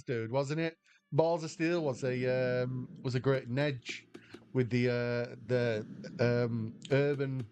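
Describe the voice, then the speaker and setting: A man's voice: mid-range voice, a little mellow. An English man livestreaming slots, chatting casually and rambling as he answers viewers' questions aloud. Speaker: slot livestreamer. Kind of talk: casual chat with stream viewers.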